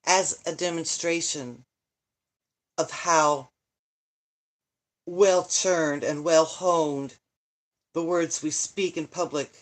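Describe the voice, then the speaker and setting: An older woman, a channel host who reads books aloud, chatting casually and rambling, interrupting herself and sighing over a tedious book. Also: sits low. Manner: rambling, self-interrupting, dramatic sighs and complaints. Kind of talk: casual live chat and reading.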